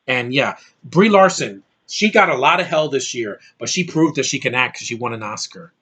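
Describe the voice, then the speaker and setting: Bright-voiced, furious ranting man. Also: mid-range voice, animated, normal speed, husky. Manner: exasperated, profane, repeats himself when worked up. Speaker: movie reviewer. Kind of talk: angry ranting movie review.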